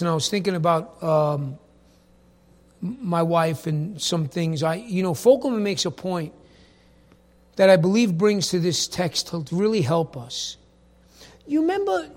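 A man preaching a sermon, animated, calling on congregation members by name and swinging from soft asides to loud emphatic bursts. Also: high-pitched. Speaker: pastor.

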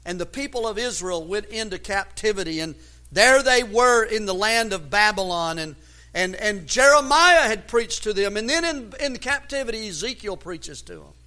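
A man preaching a sermon as pastor, building to loud emphatic runs and often repeating words as he searches for the next phrase. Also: high voice, lively intonation, normal speed.

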